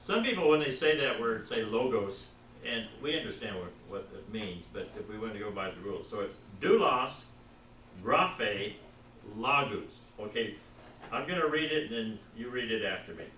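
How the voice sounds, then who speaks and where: A man's voice: lowish voice, expressive, normal speed, pushed and bright, far from the mic, a little hiss or hum. A man teaching a Greek class and having the students repeat words after him in an encouraging way. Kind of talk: classroom lesson, drilling pronunciation. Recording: roomy classroom, recorded from afar.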